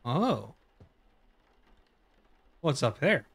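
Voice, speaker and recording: A man's voice: mid-range voice, sing-song, very slow, a bit bright, breathy edge. A man casually commenting while playing a horror game, chatty and curious, swearing now and then. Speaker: gaming video creator. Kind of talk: casual let's-play commentary.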